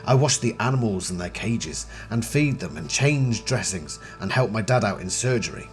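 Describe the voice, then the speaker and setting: A chatty man reviewing a book series, mixing casual commentary with passages read aloud. His pitch moves a lot and he reads with expression. Faint music runs underneath. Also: lively intonation, normal speed.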